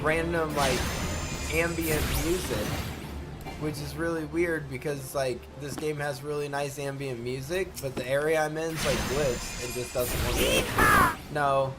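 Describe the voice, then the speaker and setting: A man streaming live, chatting casually with his viewers in an animated, exasperated way. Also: a little high. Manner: animated, exasperated, talks to chat.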